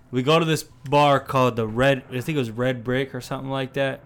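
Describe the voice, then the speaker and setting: A man's voice: medium pitch, steady tone, moderate pace, fairly bright tone. A young man telling a long, profane, laughing story to friends on a podcast. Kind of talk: casual storytelling among friends.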